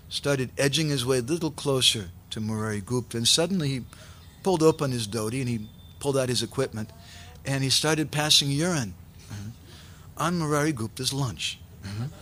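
A man preaching, telling a sacred story in an animated way and acting out its characters. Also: medium pitch, moderate pace, a little hiss or hum. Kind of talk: sermon storytelling.

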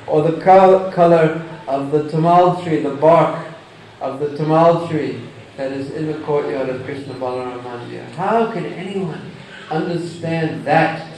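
A man giving a deliberate scripture lecture who chants Sanskrit verses and explains them with examples. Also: fairly high pitch, a little mellow. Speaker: religious lecturer. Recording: echoey hall, distant mic, faint noise.

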